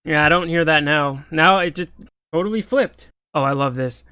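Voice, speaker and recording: Man, exasperated commentary rant, sarcastic, high voice, dead-dry sound. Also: normal speed, bright, forceful tone, clear, resonant tone, dry recording. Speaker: political commentary host. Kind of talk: ranting commentary on comments and clips.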